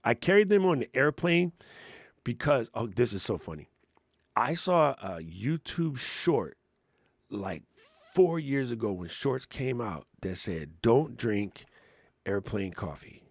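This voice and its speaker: With a mid-range voice, this livestream host is very animated but unhurried as he responds to live chat questions. He tells stories in a laid-back, slangy way and laughs often. No room sound is present.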